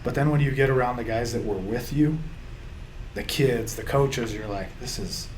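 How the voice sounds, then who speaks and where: A man's voice: medium pitch, moderate pace, a little mellow, a little hiss or hum. A man, a football coach, speaking in an interview, rambling with restarts and reliving his team's season. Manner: gets choked up, laughs through tears. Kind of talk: emotional interview reflection.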